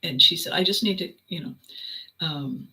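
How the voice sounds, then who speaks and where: Bright-voiced woman telling a story. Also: lowish voice, moderate pace, low-quality recording. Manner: animated, laughing storyteller. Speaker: podcast host. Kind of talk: reflective storytelling monologue.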